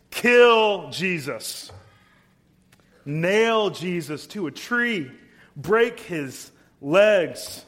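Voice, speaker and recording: A furious mob of accusers bays for execution, as a preacher acts it out. The words come slow and heavy, each one pushed out loud and hard. The pitch sits high, strained with rage. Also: male voice, full character voice. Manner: slow, emphatic, each word drawn out. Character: angry shouting mob demanding execution.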